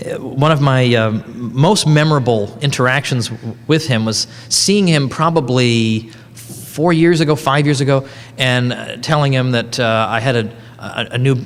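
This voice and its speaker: A man's voice: medium pitch, measured pace, long reverb tail. A man giving a conference lecture in a conversational, joking way, often correcting himself mid-sentence. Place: conference hall.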